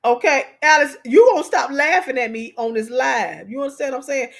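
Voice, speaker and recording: Animated high-voiced woman hosting a live. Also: fairly quick, gravelly. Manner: animated, laughing, talks straight to viewers. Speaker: live stream host. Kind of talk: casual livestream chat.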